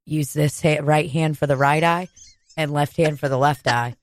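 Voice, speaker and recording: A woman quoting a stoned young friend in a slow, dazed drawl. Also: low-pitched, fairly even intonation, no echo, pitched below the performer's own voice, close to an everyday voice. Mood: awed.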